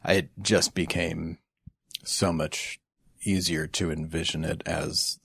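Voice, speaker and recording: A man with a very low voice speaks in a thoughtful, measured way. He is a musician guest in casual chat, and the sound is close and dry. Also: steady tone, gravelly, a bit bright, husky, no echo.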